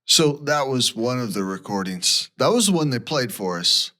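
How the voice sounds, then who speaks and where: A man's voice: mid-range voice, sing-song, moderate pace, bright, forceful tone. A man co-hosting a podcast, telling a story in a casual, rambling way and acting out the people he quotes. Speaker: podcast co-host.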